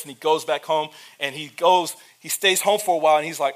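Lively man preaching a sermon. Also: fairly high pitch, brisk, few pauses. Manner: lively storytelling with humor; addresses the church directly. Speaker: pastor.

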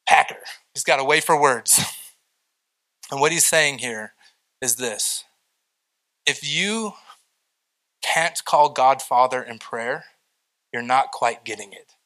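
A middle-aged man, a pastor, preaching a sermon with animated storytelling and acted-out quotes. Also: mid-range voice, slow pace, long pauses, low-quality recording.

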